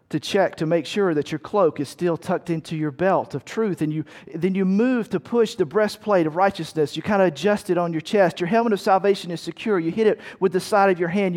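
A man preaching, leading listeners through a vivid battle scene in the second person. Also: high voice. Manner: vivid second-person storytelling, shouting quoted commands. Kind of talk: sermon illustration.

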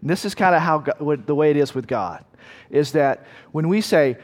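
A man's voice: fairly high pitch, animated, normal speed. A male pastor telling a story in a sermon, then praying earnestly. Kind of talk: sermon with prayer. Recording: long reverb in a big hall.

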